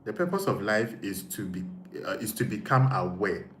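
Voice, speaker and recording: Reading viewer comments on his casual live stream, a Ghanaian-accented man thinks out loud and repeats himself frequently. He has a fairly low, expressive voice at a moderate pace, and the room echoes with a little background noise.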